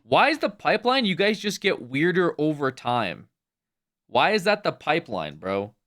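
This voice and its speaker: A man's voice: a little high, very animated, normal speed, a bit bright. A young adult man chatting casually on a livestream, rambling with lots of fillers. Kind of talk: casual stream chat.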